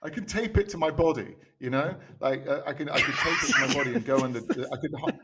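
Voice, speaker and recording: A man with a London English accent chats on a comedy podcast at an everyday pitch. He tells stories in a dry, joking way, restarting phrases as he goes. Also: fast talker, very noisy. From England. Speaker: podcast co-host. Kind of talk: casual comedic chat.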